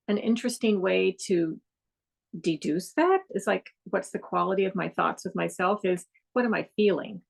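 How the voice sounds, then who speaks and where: Gentle woman with a gravelly edge. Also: mid-range voice. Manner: gentle, reflective, with soft acted asides. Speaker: mindfulness teacher. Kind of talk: guided mindfulness talk.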